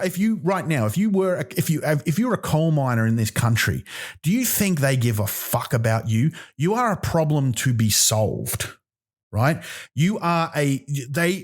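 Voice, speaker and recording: An Australian man hosting a podcast, delivering an angry comedic rant full of swearing and emphatic restarts. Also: mid-range voice. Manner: profane, heated, emphatic with many restarts. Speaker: podcast host.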